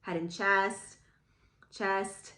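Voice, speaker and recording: A woman's voice: medium pitch, flat delivery, drawn-out words, pushed and bright, roomy sound. A woman coaching an online workshop, talking casually and leading a soothing guided visualization. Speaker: spiritual coach.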